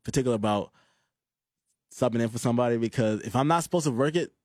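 Young guy telling a story, animated, lots of "like", dry close sound. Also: medium pitch, fast, no echo. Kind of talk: casual chat, storytelling.

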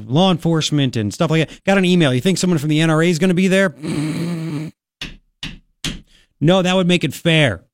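A male talk radio host with a slightly high voice, speaking through a studio microphone in a dead, dry booth. He talks in a sarcastic, joking way, full of "uh"s and restarts. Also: no room sound. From Long Island, New York. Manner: sarcastic, jokey, many fillers and restarts. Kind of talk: opinionated talk radio monologue.

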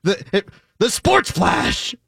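A man's voice: sits high, very animated, slow pace, vocal fry, sharp tone, slightly rough, dry recording, clean studio sound. A man hosting a sports radio show, ranting sarcastically in casual talk.

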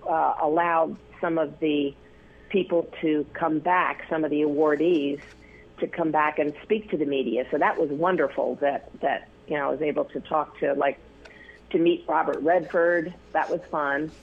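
A man telling stories as an interview guest, rambling with many fillers and restarts, his voice gravelly and husky. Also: on the high side, steady tone, normal speed. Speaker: news photographer, interview guest. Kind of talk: casual interview storytelling. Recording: tinny phone line.

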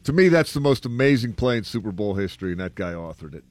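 A man's voice: fairly low pitch, very animated, fast, darkish tone, dry recording, faint music behind. A man hosting a casual sports talk show, reading through a ranked list and breaking in with his own thoughts, with a few "uh" fillers. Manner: conversational, thinks aloud with "uh" fillers.

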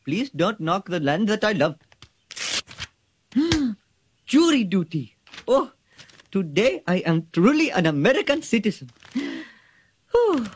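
An earnest, indignant Indian shopkeeper from a cartoon, speaking in an exaggerated sing-song accent. His pitch leaps and dips all over the place, with a faint hiss beneath. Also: wildly swooping pitch, slow pace, long pauses, full character voice. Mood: proud. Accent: put-on Indian. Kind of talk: cartoon voice acting.

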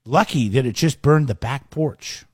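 A man hosting a morning radio show, telling a story in a lively, joking way. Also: medium pitch, unhurried, breathy edge, dry recording, clean studio sound. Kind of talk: casual morning radio banter.

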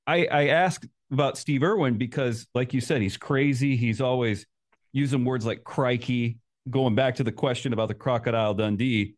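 A man's voice: medium pitch, moderate pace. A man hosting a podcast, asking questions in an upbeat, chatty way. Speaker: podcast host. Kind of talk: casual podcast interview.

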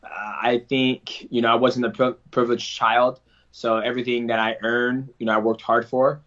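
A man's voice: mid-range voice, level tone, normal speed, fairly bright tone. Earnest man, slightly dull recording. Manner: earnest, rambling with restarts. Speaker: interview guest, fighter. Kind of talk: casual interview answers.

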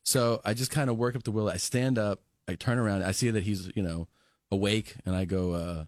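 A man, a comedian guest on a talk show, telling a story animatedly in a quick flow of quoted dialogue. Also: fairly low pitch, fairly even intonation, dry recording, studio quality.

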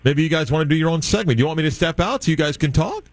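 A man's voice: on the high side, expressive, rapid-fire, no room sound. A man hosting a sports radio show, talking casually with many filler words.

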